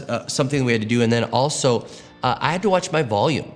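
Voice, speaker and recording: A pastor gives a teaching talk to church leaders, telling stories in an expressive, animated way and acting out quotes. His voice is medium-pitched and fast.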